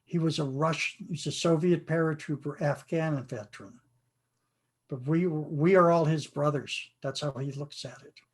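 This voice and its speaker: A man's voice: a little high, fairly even intonation, normal speed, slightly rough. An older American man, a game author, giving an earnest, reflective interview and often repeating himself. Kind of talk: conversational interview.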